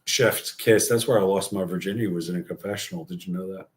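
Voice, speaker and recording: A man's voice: deep voice, fast. Profane joking New York man. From the Bronx, New York. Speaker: podcast host. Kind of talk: crude storytelling chat.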